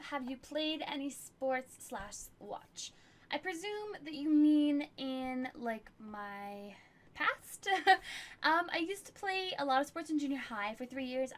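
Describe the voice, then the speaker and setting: A young woman streamer chatting casually while answering viewer questions, full of fillers and laughter. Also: high voice. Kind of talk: casual chat.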